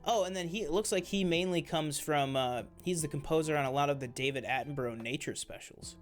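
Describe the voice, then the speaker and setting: A man's voice: on the high side, brisk, soft background music. A man co-hosting a casual TV review chat, enthusiastic and rambling, with many fillers and restarts. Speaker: co-host of a TV review show.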